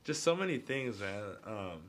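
A man's voice: lowish voice, big pitch swings, normal speed. A man co-hosting a casual movie podcast, telling laid-back, slangy stories about his friends. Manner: laid-back storytelling, slangy, says dude a lot. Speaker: podcast co-host.

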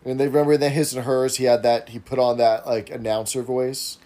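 A man's voice: medium pitch, flat delivery, a little fast, mellow. Man recapping a show, asking "right?". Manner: recaps with asides, rhetorical "right?". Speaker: podcast host recapping a TV episode. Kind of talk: casual chat.

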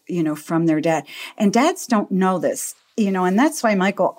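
Emphatic older woman guest. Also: on the low side. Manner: emphatic, confident, animated. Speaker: guest, physician and parenting author. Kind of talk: conversational interview.

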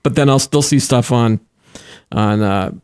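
A man's voice: mid-range voice, unhurried, darkish tone, clear, resonant tone. A middle-aged man co-hosting a podcast in casual tech chat, rambling with many restarts and fillers. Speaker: podcast co-host.

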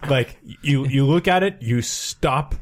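A man running a tabletop horror game as game master, describing scenes in a relaxed way with fillers. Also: mid-range voice, takes it slowly.

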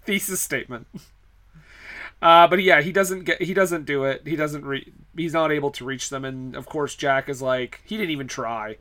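A man with a bright, slightly high voice talks through a film recap in a casual podcast chat. He laughs often and fills his sentences with "uh" and "like". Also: fairly even intonation, normal speed. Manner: laughs often, many fillers and restarts. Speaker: podcast co-host.

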